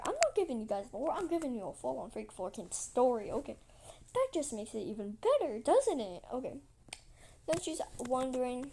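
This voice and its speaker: A woman's voice: fairly high pitch, very animated, normal speed, creaky, noisy background. A woman telling a rambling story casually while drawing, repeating herself and acting out quotes with lots of "like". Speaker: channel host.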